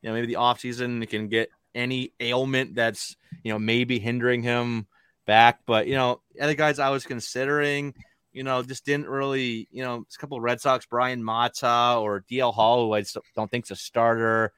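A man co-hosting a podcast talks loosely and rambles, circling back with fillers and restarts. His voice is smooth and resonant. The recording is dry and close, with no room sound. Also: medium pitch, level tone, normal speed, a bit bright, no echo. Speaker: podcast co-host. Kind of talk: casual podcast chat.

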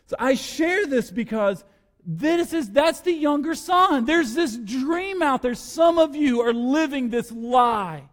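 A man preaching a sermon as pastor, telling a family story with emphatic, shifting delivery. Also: extremely high pitch. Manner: storytelling, emphatic, swings between loud and quiet. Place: church sanctuary. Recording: long hall reverb.

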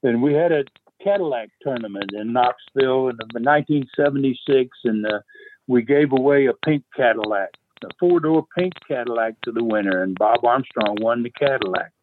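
A man's voice: mid-range voice, moderate pace, slight background noise. An older man telling wrestling-era stories in a rambling way, with many fillers and chuckles, over a tinny phone line. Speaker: interview guest, veteran wrestling promoter. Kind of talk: phone interview storytelling.

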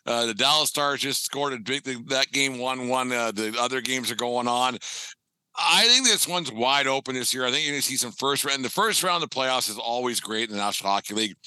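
A man hosting a casual sports podcast and reading ads, with a deep radio voice and a loose, profane way of talking. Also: fairly quick, sharp tone, clear, resonant tone, dry recording, low-quality recording. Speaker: podcast host.

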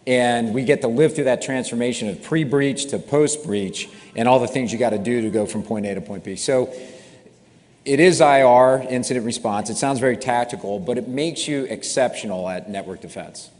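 A man's voice: medium pitch, moderate pace. Man explaining incident response, reverberant. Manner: relaxed, explanatory, self-deprecating humor. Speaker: cybersecurity company founder. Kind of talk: interview answers.

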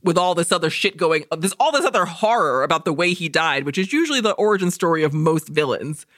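A woman's voice: lowish voice, quick pace, no echo, clean studio sound. A woman co-hosting a podcast, retelling a movie in casual chat, swearing freely and acting out the characters' lines for laughs. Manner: profane, animated storytelling with jokey quoted voices. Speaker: podcast co-host.

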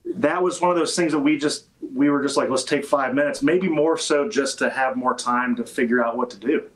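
Male athlete, mid-pitch, halting and reflective in an interview. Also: rough recording. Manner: halting, many restarts and fillers. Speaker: football player. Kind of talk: interview conversation.

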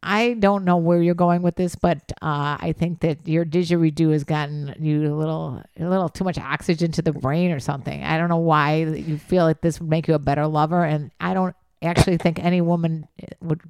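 A woman's voice: low-pitched, fairly even intonation, brisk, few pauses, darkish tone, smooth, no room sound. Blunt older woman co-hosting a podcast. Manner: blunt, incredulous, bursts into exclamations. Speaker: podcast co-host, mother of the other host. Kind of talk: casual comedic chat.

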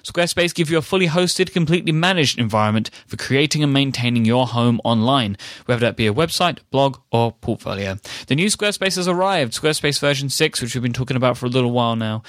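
A man from England with a London accent, hosting a podcast and reading the sponsor spot in a brisk, upbeat way. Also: mid-range voice, expressive, fairly bright tone, dry recording, studio quality. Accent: London English. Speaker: podcast host. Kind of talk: casual podcast chat and ad read.

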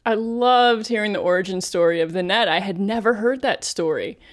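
Woman co-host, mid pitch, curious and reflective, casual. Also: moderate pace. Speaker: podcast co-host. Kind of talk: casual podcast chat.

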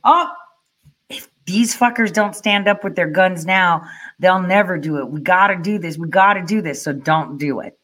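A woman's voice: fairly low pitch, moderate pace, a bit bright. A woman ranting angrily in profane reaction commentary, firing rhetorical questions at her viewers. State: furious.

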